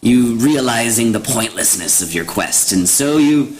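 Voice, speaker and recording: A man's voice: medium pitch, lively intonation, unhurried, darkish tone, close to an everyday voice, poor audio. A man voicing a cruel, scheming old female hag who mocks and taunts with cackles. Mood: mocking.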